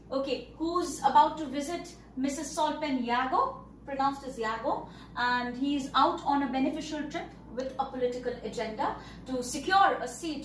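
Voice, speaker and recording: A woman's voice: high voice, recorded from a distance, a little hiss or hum. A woman teacher explaining a story to pupils, repeating and rephrasing words as she goes. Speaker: English teacher. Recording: echoey room, voice a bit off-mic.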